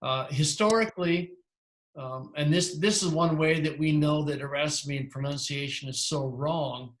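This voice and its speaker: A Greek teacher lectures his language class at length, often restarting and correcting himself. His voice is a little high, his pace moderate, and the room is reverberant.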